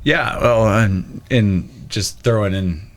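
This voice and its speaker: A man, a guest on a podcast, telling a personal story in a halting, casual way. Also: lowish voice. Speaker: guest, brewery owner.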